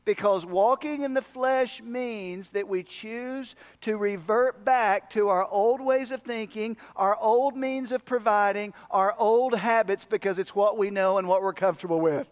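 Preacher, man, fairly high voice, dramatic sermon delivery with sudden hushed asides and shifting pace. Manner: dramatic swings from loud emphasis to hushed, near-whispered asides; speeds up and slows down for emphasis. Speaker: pastor.

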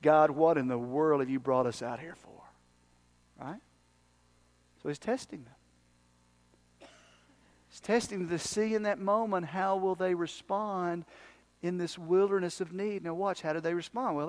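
A man preaching a sermon as pastor, swinging from loud emphasis to hushed, near-whispered asides and shifting his pace for effect. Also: high voice. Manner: speeds up and slows down for emphasis.

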